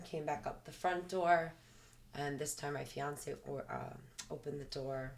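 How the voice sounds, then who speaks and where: A woman, a podcast guest, earnestly retelling a personal experience in detail, often saying "like" as she talks. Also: low-pitched. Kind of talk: personal storytelling in a podcast interview.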